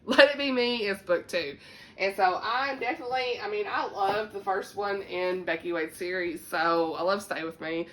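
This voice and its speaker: A young Southern woman talks to her channel about books in a chatty, easygoing way and laughs often. Her voice is bright and lively, and her drawl stretches through every "y'all.". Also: mid-range voice, normal speed, slight background noise. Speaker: book vlogger. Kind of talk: casual chat to camera.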